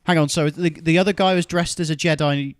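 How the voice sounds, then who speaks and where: A man's voice: a little high, fairly even intonation, fairly quick, dry recording. A man hosting a casual podcast, ranting and swearing in mock outrage. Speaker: podcast host.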